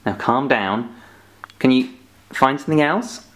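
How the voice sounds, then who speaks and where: A man's voice: medium pitch, measured pace. A man presenting a children's phonics lesson, scolding a puppet playfully with a sing-song delivery.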